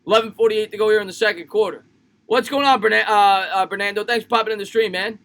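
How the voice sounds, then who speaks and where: A man hosting a live sports stream, calling plays in quick bursts, greeting chatters by name and cracking jokes. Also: high voice, fairly bright tone. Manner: rapid play-by-play calls, greets chatters by name; jokey and loose, repeats phrases. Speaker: livestream sports host. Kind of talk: live play-by-play commentary and chat reading.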